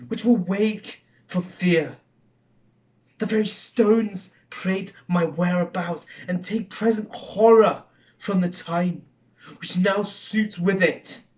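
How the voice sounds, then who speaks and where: A man's voice: a little high, distant mic, muffled recording, voice pushed up. A man playing Macbeth, brooding and Scottish. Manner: swings between hushed whispers and raised declaiming. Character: brooding young male Scottish murderer-king on the eve of a killing. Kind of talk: theatrical Shakespeare monologue.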